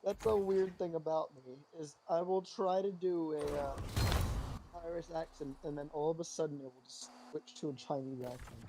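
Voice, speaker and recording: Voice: medium pitch, steady tone, moderate pace, noisy background. A playful gamer on a voice call with a mid-range voice, chatting loosely and laughing easily between remarks. The talk is light and teasing. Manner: giggly and playful. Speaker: gamer in a voice chat. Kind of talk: casual gaming chat.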